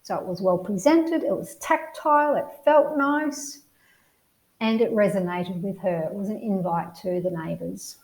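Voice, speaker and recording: Lively Australian woman telling work stories. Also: medium pitch, roomy sound, low-quality recording. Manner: lively storyteller, acts out the people in her stories. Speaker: real estate trainer. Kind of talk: training talk with personal anecdotes.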